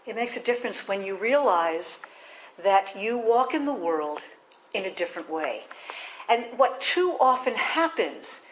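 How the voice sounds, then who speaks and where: A woman gives a platform address in a relaxed, conversational tone, often turning to her audience with questions. She has a mid-range voice, and a faint hiss sits under the recording. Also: medium pitch, unhurried, poor audio. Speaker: speaker giving a platform address.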